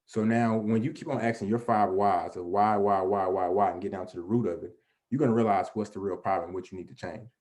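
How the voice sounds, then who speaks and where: An earnest man delivers a motivational presentation in a fairly low voice. He talks conversationally, restarting sentences and leaning on "you know", and often poses questions that he answers himself. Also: fairly even intonation, brisk, a little mellow. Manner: asks and answers his own questions. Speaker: guest presenter.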